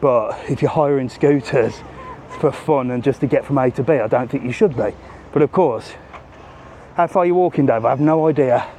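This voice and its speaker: A man's voice: mid-range voice, normal speed, warm tone, a little hiss or hum. Chatty man vlogging outdoors. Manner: chatty, banters with passers-by. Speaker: travel vlogger. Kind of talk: live walking vlog. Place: outdoors on a seafront promenade.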